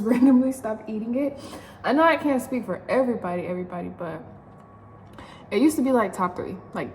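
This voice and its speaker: A woman's voice: on the high side, echoey room, a little hiss or hum. A young pregnant woman chatting casually while she cooks in her home kitchen, rambling and laughing often. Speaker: vlogger.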